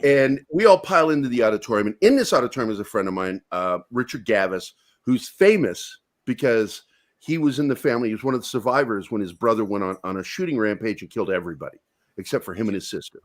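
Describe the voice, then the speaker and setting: A man co-hosting a podcast, telling a crude high-school story in a profane, animated way. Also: quick pace. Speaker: podcast co-host. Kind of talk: casual storytelling chat.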